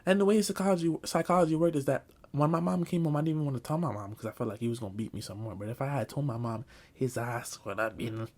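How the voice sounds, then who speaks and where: A man's voice: medium pitch, fast, a little mellow. A man telling a comic storytime, talking loosely in slang and saying bro a lot. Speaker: vlogger. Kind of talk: comedic storytime.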